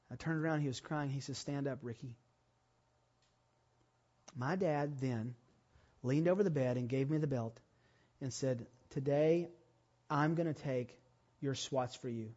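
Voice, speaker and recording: Storytelling male pastor, lo-fi sound. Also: mid-range voice. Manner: storytelling, builds to loud emphatic preaching. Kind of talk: sermon.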